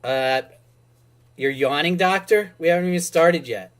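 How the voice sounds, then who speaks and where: In this comedy sketch, a man plays a patient telling rambling, exasperated stories to his therapist over a video call until his voice climbs to pleading. His voice sits on the high side and he speaks unhurriedly, with a little hiss or hum in the recording.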